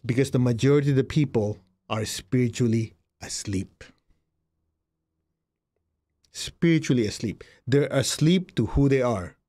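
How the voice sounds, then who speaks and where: Speaking at a measured pace with long pauses, this middle-aged healer, whose first language isn't English, delivers an emphatic, repetitive spiritual talk. His mid-range voice leaps lively into quoted voices now and then.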